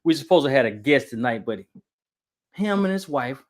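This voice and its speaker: A woman's voice: very deep voice, lively intonation, normal speed, darkish tone. A woman hosting a podcast in a casual, folksy way. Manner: folksy, calls herself country talking. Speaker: podcast host.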